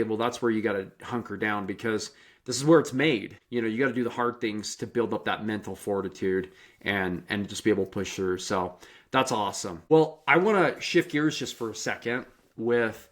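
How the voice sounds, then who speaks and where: A man's voice: fairly low pitch, normal speed. A man hosting a podcast who also coaches the guest. He speaks earnestly and encouragingly and asks probing questions. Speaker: podcast host and running coach. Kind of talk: casual interview.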